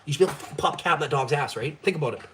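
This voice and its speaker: Fast, profane ranting young man. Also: on the high side, fairly bright tone, slight background noise. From Canada. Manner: profane, blunt, fired-up ranting. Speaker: live-stream host. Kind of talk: ranting casual chat.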